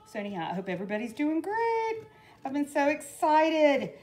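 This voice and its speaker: A woman's voice: sits high, big pitch swings, normal speed, darkish tone. A middle-aged woman, chatting casually and rambling through a craft tutorial. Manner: chatty, rambling, with frequent "you know" and laughs. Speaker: craft vlogger. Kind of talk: casual DIY tutorial chat.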